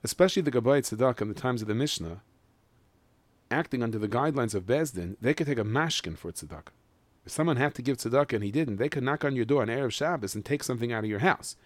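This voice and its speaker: A man's voice: mid-range voice, expressive, no echo. Man teaching a Mishnah in Yeshivish English. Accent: Yeshivish English, Ashkenazi Hebrew. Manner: explanatory, chanting Hebrew text slowly. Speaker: Torah teacher. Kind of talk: Mishnah lesson.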